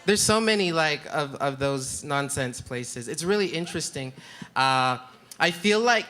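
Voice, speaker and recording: Bright-voiced man performing spoken word. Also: a little high, animated, a little slow. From Calgary, Canada. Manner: rhythmic, dramatic, emphatic delivery. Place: festival stage before a live audience.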